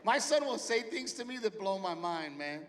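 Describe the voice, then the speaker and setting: A middle-aged man doing a stand-up set, loud and punchy, with sudden shouted punchlines. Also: high voice, big pitch swings, moderate pace, a little hiss or hum. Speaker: stand-up comedian. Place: large theater stage. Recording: live theater with long reverb and faint ambience.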